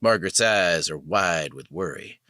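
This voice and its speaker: Brief: male audiobook narrator, very low but lively voice, bright edge, dry close mic. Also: dry recording. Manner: measured, descriptive storytelling.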